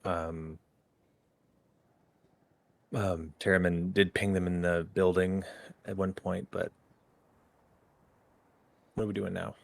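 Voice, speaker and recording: Male game master on a voice call, lowish voice, relaxed and chatty. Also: slow pace, vocal fry, pauses often. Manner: relaxed, laughs often, many fillers. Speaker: dungeon master. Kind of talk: running a tabletop game online. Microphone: online voice call.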